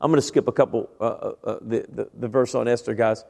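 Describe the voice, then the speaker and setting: A man's voice: mid-range voice, fairly even intonation, quick pace, vocal fry, warm tone. A middle-aged man preaching a sermon, telling his own testimony in a conversational way and speaking directly to the congregation. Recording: long reverb of a large hall.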